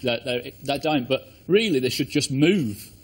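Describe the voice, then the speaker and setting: A man's voice: mid-range voice, animated, moderate pace, a little hiss or hum. A man on a comedy panel show, making chatty, wry observations. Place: TV studio with live audience. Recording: loud studio crowd behind.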